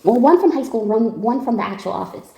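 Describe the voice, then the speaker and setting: A young adult woman telling a casual story, animated and slangy, often laughing and quoting people. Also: on the high side, brisk, gravelly, echoey room. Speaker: tarot reader telling a story.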